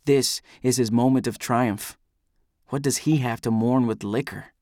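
A man's voice: mid-range voice, fairly even intonation, a little slow, dark tone, no room sound, clean studio sound. A man giving an intense, brooding first-person audiobook narration.

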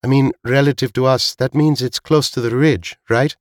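A man voicing a curious young woman cyclist in an audiobook, quick and questioning. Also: mid-range voice, fairly even intonation, no room sound, clean studio sound, pitched above the performer's own voice, close to an everyday voice. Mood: puzzled. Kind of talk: audiobook character voice.

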